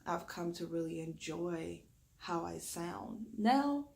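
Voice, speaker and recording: A woman with a Southern drawl speaks in a low, gravelly voice with a slight lisp. She is a reiki practitioner giving a reflective talk, reining in her quick pace so she speaks slowly and deliberately. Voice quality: deep raspy voice. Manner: talks fast when excited, deliberately slowing down. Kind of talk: spoken reflection during a reiki session.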